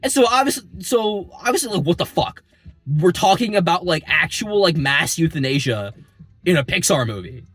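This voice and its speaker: A young man recapping a movie in a rambling, excitable way, full of fillers and casual swearing, recorded in a parking lot. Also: a little high, normal speed, breathy edge, no echo. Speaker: movie reviewer.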